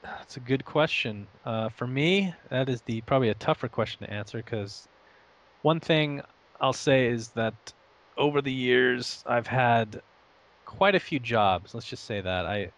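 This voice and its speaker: Speaking unhurriedly in a slightly bright mid-range voice, this young man grew up between Saudi Arabia and the US and now casts esports. As a relaxed interview guest, he wanders off on tangents, teases himself, and laughs frequently.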